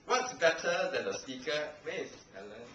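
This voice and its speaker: A man's voice: a little high, expressive, normal speed, a bit bright, dull audio. Playful Singaporean man in an echoey room. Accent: Singaporean English. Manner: playful, teasing, laughs often. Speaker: Toastmasters language evaluator. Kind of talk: humorous speech to a club meeting. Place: meeting room, live audience. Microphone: far handheld camcorder. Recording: echoey room, heard from far off, noisy.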